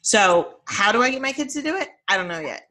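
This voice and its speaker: Woman, 30s, podcast co-host; casual, animated storyteller, bright tone. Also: medium pitch, a little fast. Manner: chatty, animated storytelling with many fillers. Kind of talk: casual chat.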